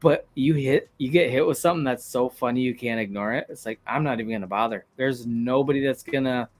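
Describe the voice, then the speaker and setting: A man hosting a casual chat, relaxed and agreeable, with some swearing. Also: mid-range voice, fairly quick, no room sound. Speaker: host.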